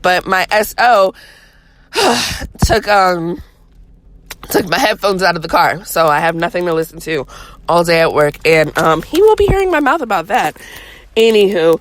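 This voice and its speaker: A woman casually telling a personal story from her car, chatty and animated, acting out what people said in higher voices. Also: normal speed, rough recording. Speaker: vlogger.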